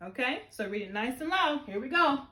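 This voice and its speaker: A woman's voice: high-pitched, animated, moderate pace, sharp tone. A woman teacher giving a remote phonics lesson to young children, with an encouraging, sing-song classroom delivery. She is recording from home. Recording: roomy echo.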